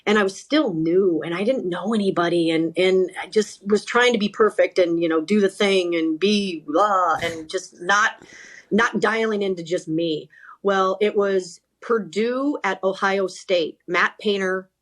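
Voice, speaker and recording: A middle-aged woman, a sideline reporter, telling stories in a podcast interview, animated and full of restarts. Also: mid-range voice, unhurried. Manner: animated, self-correcting, lots of repeated starts. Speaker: sideline reporter and talent coach.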